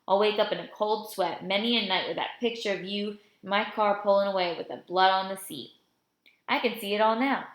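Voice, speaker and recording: A woman's voice: mid-range voice, steady tone, fairly quick, a bit bright, lightly acted. A woman reading the part of a joking, fatherly older man who drives a car, in a storybook reading. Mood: teasing. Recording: roomy echo.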